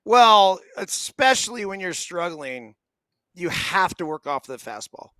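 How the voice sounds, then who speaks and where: A man's voice: sits high, sing-song, measured pace, sharp tone, clear, resonant tone, no room sound. A man co-hosting a sports talk show, asking blunt, pointed questions in casual chat. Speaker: co-host.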